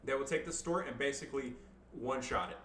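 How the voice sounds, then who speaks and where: A man giving casual, profane, excitable commentary over his own strategy game match, joking and swearing between calls. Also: mid-range voice, fast talker, reverberant, distant mic, a little hiss or hum. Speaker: gameplay commentator.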